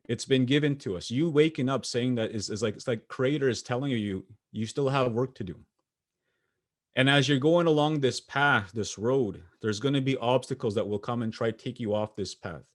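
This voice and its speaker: A young adult man from Canada giving a motivational keynote, telling personal stories in an earnest, pausing way with small restarts. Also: mid-range voice. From Sweetgrass First Nation, Saskatchewan, Canada. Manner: earnest storytelling with pauses and restarts. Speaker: motivational speaker. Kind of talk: keynote speech.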